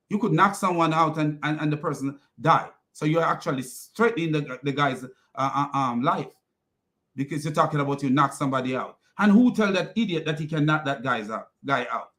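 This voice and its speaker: A man's voice: a little high, moderate pace, fairly bright tone. A man giving a heated, mocking commentary, laughing often and repeating himself. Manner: heated, repetitive. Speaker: online commentator. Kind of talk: casual ranting commentary.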